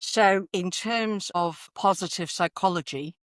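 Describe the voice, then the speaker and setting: A woman, a confidence coach talking in an energetic, conversational way and repeating phrases for emphasis. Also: on the low side, a little slow, no echo, studio quality. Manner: animated, repeats phrases, sings affirmations in varied inflections. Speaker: confidence coach, podcast guest.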